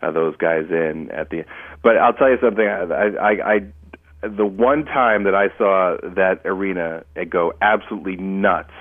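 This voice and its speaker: A man co-hosting a casual podcast chat, rambling and halting with many fillers, heard over a tinny phone line. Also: sits low, no echo. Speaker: podcast co-host.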